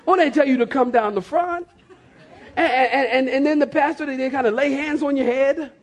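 Male preacher, very high voice, animated and repetitive delivery, playful mock voices. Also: normal speed, a faint crowd. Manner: animated, acts out scenes with mock voices, repeats phrases. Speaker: pastor. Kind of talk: sermon.

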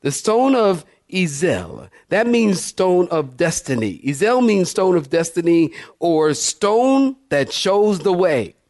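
Pastor who reads scripture and adds folksy asides; man, slightly high voice. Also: very animated, takes it slowly, few pauses, darkish tone. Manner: reads verses, then breaks off for folksy asides. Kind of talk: sermon, reading scripture aloud.

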